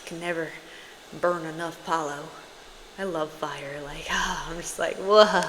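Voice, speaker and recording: A woman speaks as a spiritual channeler in a casual message to her viewers. Her voice sits fairly low and she talks slowly and unhurriedly, playful and soothing by turns. A long reverb trails behind her words. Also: steady tone, a bit bright, slight background noise. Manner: playful and soothing, with laughs and sudden exclaims.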